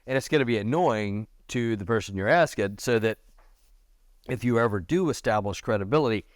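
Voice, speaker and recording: A middle-aged man talks fairly quickly as an animated podcast guest, telling stories casually and voicing their characters in a raised pitch. The studio sound is clean, with no echo.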